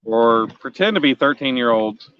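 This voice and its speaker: A man's voice: medium pitch, expressive, moderate pace, clean tone, dry recording, dull audio. A man in his forties, a fishing vlogger chatting casually on a live stream outdoors, joking and teasing his viewers as he rambles. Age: 40s. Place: outdoors on a riverbank.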